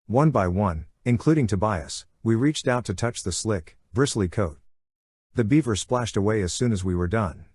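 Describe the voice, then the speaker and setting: Man, audiobook narrator, low voice, dry close sound, steady. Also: moderate pace, slightly rough, no room sound. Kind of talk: scripted narration.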